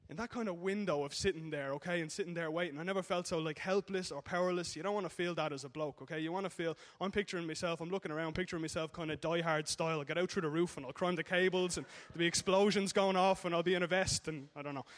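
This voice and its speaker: An Irish man preaching with a rapid, high voice, telling stories and teasing the congregation. He keeps asking "okay?" as he goes. His voice rings out with a long echo around a hall. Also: fairly even intonation. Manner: jokey storytelling with frequent "okay?" tags. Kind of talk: sermon. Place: church hall. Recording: echoey hall.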